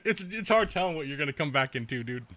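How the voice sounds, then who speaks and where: A brash young male game streamer with a bright, forceful voice pitched a little high for a man. He rambles through casual chat with plenty of filler words, swears freely, trash-talks and laughs often. The sound is dry and close. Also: lively intonation, quick pace, no room sound.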